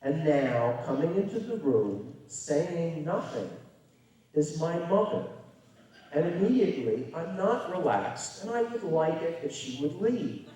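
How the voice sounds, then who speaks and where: A man's voice: fairly high pitch, very animated, a little slow, dark tone. Echoey far-off man giving a lecture. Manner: conversational, wry storytelling with emphatic stresses. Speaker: lecturer to parents. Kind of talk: public lecture. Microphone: distant from the microphone. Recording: very echoey hall, voice picked up from afar.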